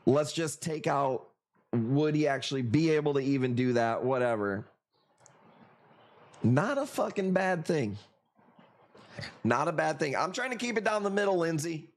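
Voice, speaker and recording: The man's voice is on the high side and expressive, a little slow, with long pauses. Hosting a coral auction livestream, he chats casually with viewers, his banter profane, joking, and rambling.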